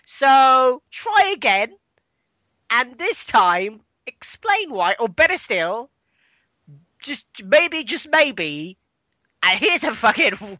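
English woman ranting n swearing, bright lively voice, dry sound. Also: on the high side, dry recording. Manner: sweary, ranting, laughing often. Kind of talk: casual chat.

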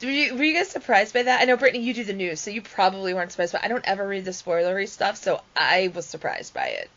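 A woman hosts a casual chat and steers the talk with animated questions. Her pitch swings widely as she talks. The sound is dull and lo-fi. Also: fast talker. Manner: animated, leads the discussion, laughs often. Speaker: podcast host.

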